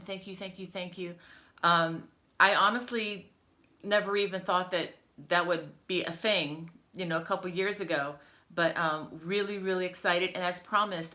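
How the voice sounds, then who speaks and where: A middle-aged woman hosting a crochet live stream from home, chatting with viewers and greeting them by name. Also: lowish voice. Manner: chatty, warm greetings to viewers, many fillers. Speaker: crochet channel host. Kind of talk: casual live-stream chat.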